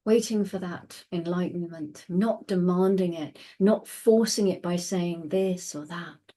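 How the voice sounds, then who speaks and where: A woman calmly explaining the day's astrology in an unhurried, conversational way, with soft asides. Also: fairly low pitch. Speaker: astrology podcast host. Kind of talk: daily astrology talk.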